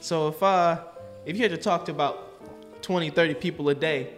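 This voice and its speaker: A man's voice: fairly high pitch, moderate pace, faint music behind, pitched above the performer's own voice, close to an everyday voice. A young man putting on a New York accent to play a pushy male car dealership manager who asks probing questions. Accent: put-on New York.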